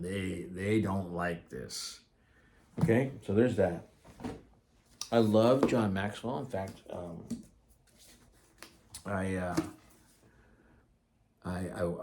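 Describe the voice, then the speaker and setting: Deep-voiced earnest middle-aged man. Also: mellow, slight background noise. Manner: earnest, rambling, with restarts and asides. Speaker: podcast host. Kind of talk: casual solo talk.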